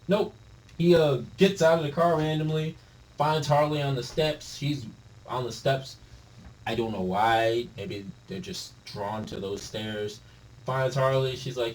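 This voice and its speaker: A man's voice: medium pitch, a little slow, recorded from a distance, poor audio. A man giving a casual, exasperated film review late at night at home, laughing often. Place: home room.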